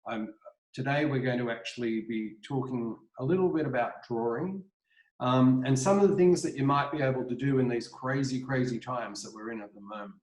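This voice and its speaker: A man's voice: medium pitch, fairly quick, a little mellow, reverberant, rough recording. An Australian man presenting an art webinar from his home kitchen, rambling with many fillers and restarts. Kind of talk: casual online presentation.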